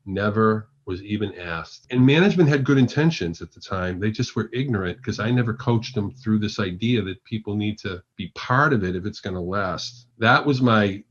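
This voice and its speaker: A man telling stories in a podcast interview, acting out the dialogue with lively shifts of voice. His voice sits a little low. The audio is dull and lo-fi. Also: moderate pace, few pauses. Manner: animated storyteller who acts out dialogue. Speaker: guest, agile coach.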